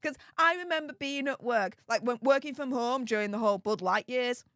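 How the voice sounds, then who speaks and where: Brisk and fairly high-pitched with a slightly bright tone, a woman hosts a casual live stream, chatting and reading viewer comments aloud. She laughs often and repeats herself, and the studio-quality recording has no echo.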